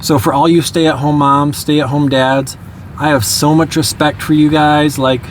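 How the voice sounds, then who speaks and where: A man's voice: on the high side, flat delivery, unhurried, slight background noise. A young man candidly telling his own life story in a casual, reflective way, often adding "you know" and small nervous laughs. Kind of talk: casual spoken memoir.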